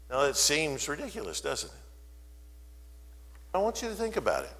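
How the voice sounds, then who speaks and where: A man preaching a sermon in a church, telling a Bible story with animated, dramatic delivery and briefly voicing the people in it. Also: fairly high pitch, moderate pace, long pauses, big-room sound. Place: church sanctuary.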